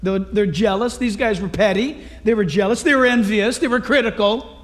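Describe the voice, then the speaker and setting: A male pastor delivering a sermon in a notably high voice. He tells the story with animated energy and slips in playful voices for the people in the text. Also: moderate pace. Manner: animated, acts out voices of Bible characters.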